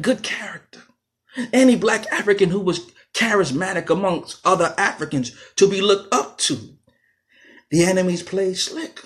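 A man hosting an internet radio talk show, delivering a fiery, emphatic lecture that swings from loud outbursts to low, intense passages. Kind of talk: impassioned lecture.

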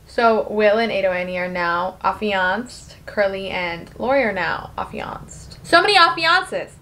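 A young woman talking casually and quickly as she recaps a musical, dropping into quick voices for the characters. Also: medium pitch, a little hiss or hum. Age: young adult. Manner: chatty, fast, acts out the lines with quick put-on voices. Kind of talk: casual recap while eating.

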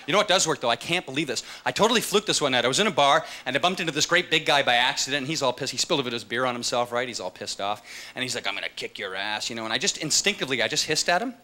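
A man performing a stand-up comedy set on stage, animated and swinging into loud high-pitched voices for his characters. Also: rapid-fire. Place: comedy club stage with a live audience. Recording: live stage recording with loud audience noise.

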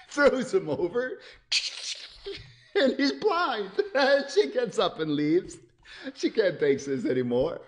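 A man excitedly narrating his cartoon idea, laughing through it and acting out sound effects and cries. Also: high voice. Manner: keeps laughing at his own story. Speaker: animator pitching a cartoon. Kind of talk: excited story pitch narration.

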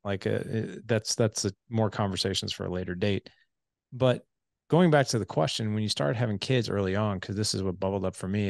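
Gravelly-voiced man telling a story. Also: lowish voice, dry recording, clean studio sound. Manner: animated storyteller who acts out quoted dialogue. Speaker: podcast host. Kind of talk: casual storytelling conversation.

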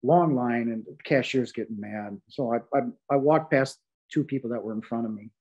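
A middle-aged man gives an earnest spoken testimony about his faith, pressing hard on key words and often restarting his sentences. His voice sits at an ordinary pitch for a man. The recording is slightly dull and lo-fi. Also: moderate pace, darkish tone, breathy edge. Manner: heartfelt, emphatic, with frequent fillers and restarts. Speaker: guest sharing a near-death experience. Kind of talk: earnest testimony in a podcast interview.

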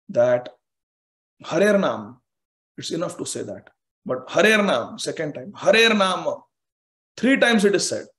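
A man with a fairly high voice teaching from scripture in an online class. He speaks emphatically and repeats phrases three times to drive a point home. Now and then he chants Sanskrit verses.

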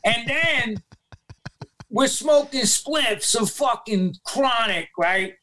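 A man with a New York accent telling profane, animated stories as a podcast guest, acting out the voices of people he quotes. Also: extremely high pitch, slow pace. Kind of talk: storytelling in a podcast interview.

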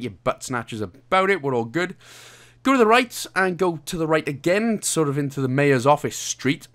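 A man's voice: a little high, a bit bright. A man from Wales, hosting a casual game walkthrough with jokey, rambling, self-mocking asides. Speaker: video game walkthrough host.

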